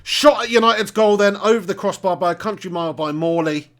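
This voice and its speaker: A man hosting a live football watch-along, commentating as a fan, excitable and swearing, often laughing at his own jokes. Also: sits high, fairly quick.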